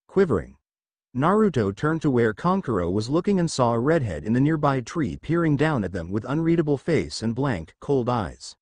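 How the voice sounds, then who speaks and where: A man narrating a fan fiction story in an animated storytelling manner. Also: medium pitch, no echo.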